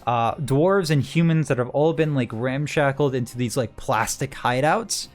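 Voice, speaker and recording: A man narrating a tabletop game as game master, in a relaxed way with many "uh" fillers. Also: mid-range voice, normal speed, soft background music.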